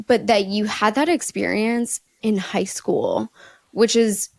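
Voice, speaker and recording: A woman co-hosting a therapy podcast answers her partner supportively. She talks slowly, with a gravelly texture. The sound is dry and close to the mic. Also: mid-range voice, darkish tone, no echo. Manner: supportive listener, frequent affirmations. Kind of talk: casual podcast conversation.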